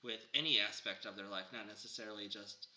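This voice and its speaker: A man's voice: lowish voice, fairly even intonation, fast talker, pushed and bright, poor audio. A man hosting a podcast in casual chat, chatty and rambling. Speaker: podcast host.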